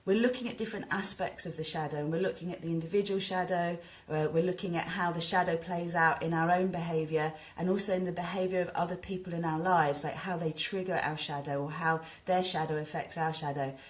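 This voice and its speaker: A woman, a spiritual teacher, talking in a rambling, animated way on a live stream and leading a guided meditation. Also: on the low side, a little fast, few pauses. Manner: animated, rambling, greets viewers. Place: indoors by the sea.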